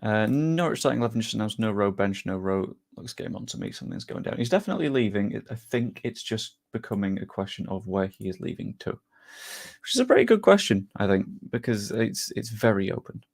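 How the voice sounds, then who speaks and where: A man's voice: fairly low pitch, fairly quick, gravelly, hardly any pauses, a little mellow. A young man, chatting casually to his live-stream viewers before a football match, reading chat aloud and joking at his own expense. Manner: chatty, self-deprecating, reads chat aloud.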